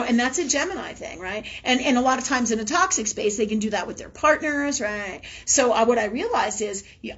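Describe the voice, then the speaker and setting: A chatty woman talks candidly through a spiritual livestream, her voice husky and a little breathy. She drops curse words, checks in with "right?" and slips into laughter. The audio is dull and lo-fi, like a livestream mic. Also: fairly high pitch. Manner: candid and chatty, swears freely, many "right?" tags; laughs often, acts out her own past words. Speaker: host of a spiritual live talk show. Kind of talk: casual spiritual talk.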